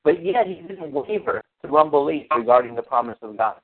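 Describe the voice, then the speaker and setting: A man's voice: medium pitch, lively intonation, brisk, breathy edge. A man hosting an informal Bible study. He preaches emphatically, repeats his words and quotes scripture. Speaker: host leading a Bible study. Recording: tinny phone line with faint noise.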